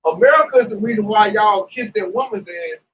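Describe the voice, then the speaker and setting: A man laying out scripture to friends in a blunt, preachy way, with swearing mixed in. His voice runs high and swoops around. The recording is distant and dull, with faint noise behind him. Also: fairly quick, a bit bright. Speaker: Hebrew Israelite member discussing scripture. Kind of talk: casual religious discussion.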